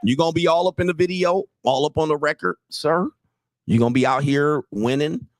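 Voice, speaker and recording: A male host giving casual comedic commentary, rambling and excitable, with a habit of repeating "all right". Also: on the high side, fairly quick, no room sound.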